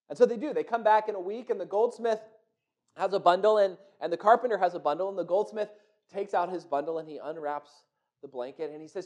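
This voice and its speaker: A man tells a folk tale aloud in a high, animated voice. He often doubles back on words as he builds the story. His telling feels spontaneous rather than scripted. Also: brisk. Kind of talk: oral storytelling.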